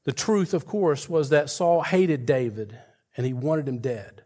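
A man's voice: fairly high pitch, animated, measured pace, dark tone. A man preaching a sermon, earnest, retelling scripture scenes with rising intensity and frequent restarts.

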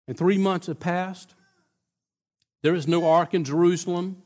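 A male pastor preaching a sermon in a conversational, emphatic way, with halting restarts. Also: high voice, fairly even intonation, darkish tone.

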